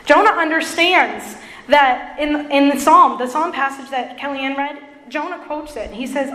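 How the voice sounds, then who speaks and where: A woman's voice: high-pitched, measured pace, sharp tone. A woman preacher giving a sermon, earnest and self-deprecating, with playful asides. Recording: echoey hall with long reverb.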